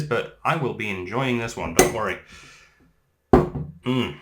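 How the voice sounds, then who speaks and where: A man with an English accent, hosting a casual whisky tasting vlog in an excitable, enthusiastic way. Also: medium pitch, measured pace, background noise. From England. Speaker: whisky reviewer.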